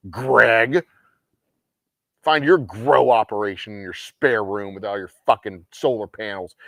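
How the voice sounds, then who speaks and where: A man's voice: medium pitch, no room sound, studio quality. A man hosting a game night livestream, ranting in casual, profane talk and mocking people in sarcastic quoted voices. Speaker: host of a game night stream.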